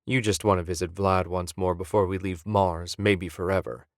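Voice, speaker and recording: A man voicing a nervous, wary male partner in an audiobook, a little lower than his narration. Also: steady tone, moderate pace, no echo, studio quality. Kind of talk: audiobook character voice.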